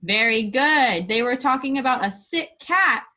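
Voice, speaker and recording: A woman teacher leading a phonics lesson for young children, slowly sounding out letters and words and praising the class often. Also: high voice, expressive, pushed and bright.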